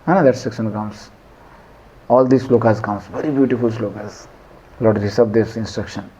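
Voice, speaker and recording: A man leads a devotional scripture class conversationally, quizzing listeners and chanting Sanskrit verses. His lowish, mellow voice is steady at normal speed, and the lo-fi audio carries a little hiss or hum.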